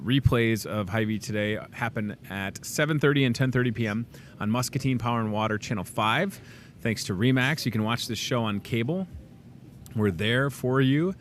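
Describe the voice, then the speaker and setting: Local TV host, male, bright and chatty, jokes with the crew, faint hum behind. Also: fairly low pitch. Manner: chatty and jokey, banters with crew. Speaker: local TV talk show host. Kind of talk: casual live show wrap-up.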